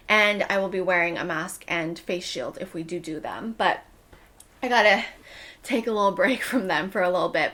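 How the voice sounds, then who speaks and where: A woman beauty vlogger chatting through products she used up, enthusiastic and a little out of breath. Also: mid-range voice. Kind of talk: casual product review.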